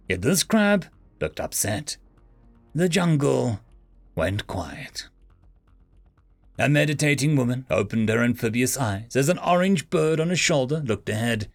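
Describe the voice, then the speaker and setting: A man narrating a fantasy story in an expressive storytelling manner. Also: mid-range voice. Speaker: audiobook narrator. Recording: faint background music. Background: faint music.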